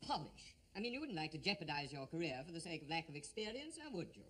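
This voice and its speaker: A man's voice: fairly high pitch, big pitch swings, quick pace, sharp tone, heavily acted. A man playing a condescending theatre manager, polite on the surface but cutting. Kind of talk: 1950s radio comedy acting.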